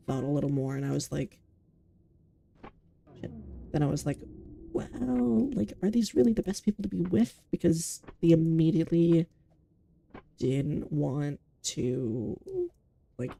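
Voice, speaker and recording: A woman streamer chatting casually and rambling on, blunt and quick to swear. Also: sits low, dark tone, a little hiss or hum. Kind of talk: casual livestream chat.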